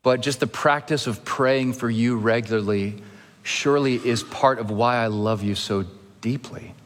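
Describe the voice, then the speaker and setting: Guy pastor giving a sermon, earnest w a bit of humor, lots of hall reverb, medium pitch. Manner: earnest, gently humorous preaching with emphatic pauses. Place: church sanctuary. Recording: long reverb of a church hall.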